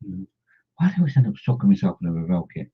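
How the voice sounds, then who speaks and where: Rambling as he paints miniatures, this man hums and mumbles to himself in casual work chatter. His voice sits low and is gravelly with a breathy edge, racing along in a sing-song way over a dull lo-fi recording.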